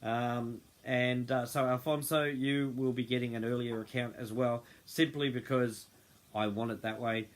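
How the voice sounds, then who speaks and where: A man's voice: medium pitch, steady tone, moderate pace. A man hosting an unscripted livestream, rambling and often losing his train of thought. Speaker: host of a group livestream. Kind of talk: unscripted casual livestream talk.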